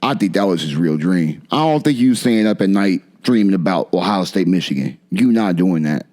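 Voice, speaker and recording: A man's voice: low-pitched, animated, moderate pace, darkish tone. A man co-hosting a podcast, talking college football in blunt, teasing, profane casual chat. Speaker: podcast co-host.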